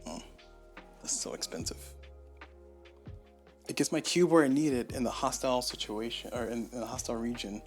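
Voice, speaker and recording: A man streams a solo board game playthrough on a lapel mic clipped to his shirt, giving casual commentary as he thinks aloud, mutters, and makes self-deprecating asides. His mid-range voice is fairly quick with frequent pauses, and faint music plays behind him.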